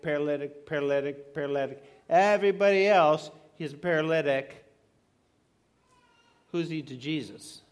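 A middle-aged man preaching a sermon, stressing key words by slowing down and asking the listeners rhetorical questions. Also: on the high side.

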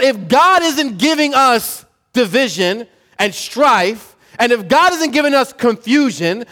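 A male preacher with a notably high voice delivers his sermon in a loose, energetic way. He leans on slang, repeats phrases for emphasis and talks straight at the congregation. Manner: casual, animated preaching with slang and repetition.

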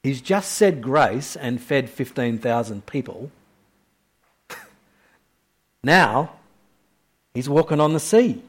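A man preaching a sermon. He swings between raised, urgent questions and hushed, slow emphasis, and repeats key phrases for weight. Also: mid-range voice, lively intonation, slightly rough.

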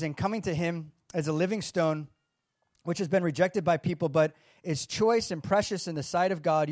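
Man, pastor, conversational sermon, somewhat high voice, dry close recording. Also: darkish tone, no echo. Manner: conversational preaching with asides and restarts.

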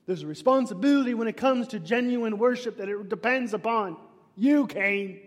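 A man preaching a sermon, emphatic, swinging between loud declaiming and hushed whispers. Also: sits high, moderate pace. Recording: long reverb of a large hall.

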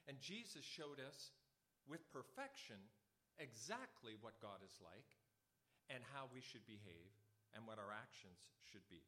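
A man's voice: mid-range voice, a little slow. A man preaching a sermon in a conversational way, telling everyday stories between scripture readings. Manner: conversational storytelling, animated asides.

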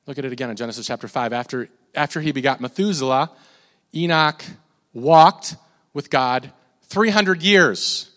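A man's voice: mid-range voice, normal speed, fairly bright tone. A man preaching a casual, conversational sermon, stumbling over repeated words and moving into prayer. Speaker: pastor. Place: church hall. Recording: long reverb of a hall.

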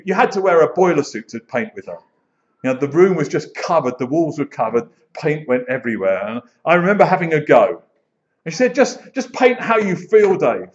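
A man preaching a sermon as pastor, expressive, slowing down to dwell on phrases and telling stories with animation. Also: mid-range voice. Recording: dull lo-fi sound.

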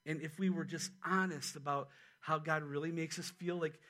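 A man preaching a sermon as pastor, animated and conversational, with quick asides to his church. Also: fairly high pitch. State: a little out of breath.

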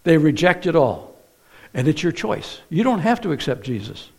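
A man's voice: a little high, big pitch swings, moderate pace, breathy edge. A man preaching a sermon in a conversational way, often asking the congregation questions.

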